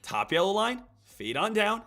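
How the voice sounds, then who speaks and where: Pushed, bright and sing-song, this man's high voice moves at normal speed. He hosts a day-trading livestream, giving live market commentary and coaching viewers in an upbeat, repetitive hype style.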